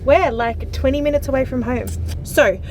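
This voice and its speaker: A woman's voice: high-pitched, moderate pace, darkish tone, slight background noise. A young woman, chatting casually and upbeat to camera in a vlog. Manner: chatty and upbeat, coos at her dog. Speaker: vlogger.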